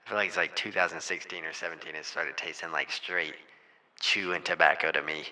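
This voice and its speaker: A man's voice: low voice, fairly even intonation, fairly quick, sharp tone, low-quality recording. A man with a Southern accent, co-hosting a podcast and asking easygoing questions. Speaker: podcast co-host. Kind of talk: casual chat.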